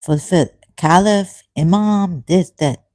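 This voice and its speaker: Guy, halting and earnest, dark mellow tone, dry sound. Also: sits high, no room sound. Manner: halting, many restarts and fillers, earnest and pleading. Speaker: religious video commentator. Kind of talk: emotional monologue to camera.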